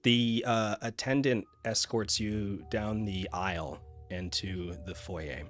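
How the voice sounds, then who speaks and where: A man's voice: lowish voice, steady tone, takes it slowly, fairly bright tone, soft background music. A man narrating a tabletop game as game master in a casual manner, with many fillers.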